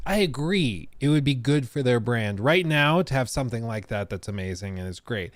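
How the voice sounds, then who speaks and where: A man's voice: a little high, expressive, moderate pace, hardly any pauses, no room sound, clean studio sound. Chatty, sarcastic male stream host. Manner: chatty, joking, sarcastic asides with fillers. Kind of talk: casual live-stream chat.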